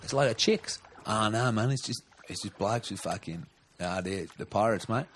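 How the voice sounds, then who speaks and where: A man's voice: lowish voice, moderate pace, fairly bright tone, slight background noise. A man co-hosting a comedy podcast, crude and swearing constantly. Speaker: co-host. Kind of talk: improvised comedy podcast banter.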